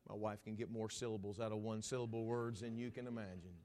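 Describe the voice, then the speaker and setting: A middle-aged man delivering a sermon, speaking straight to his listeners and swinging from loud, forceful bursts to hushed, almost whispered lines, often repeating and restarting words. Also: lowish voice, level tone, fast. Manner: dramatic preaching, swinging from loud outbursts to hushed near-whispers; addresses the audience directly, repeats and restarts words. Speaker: pastor.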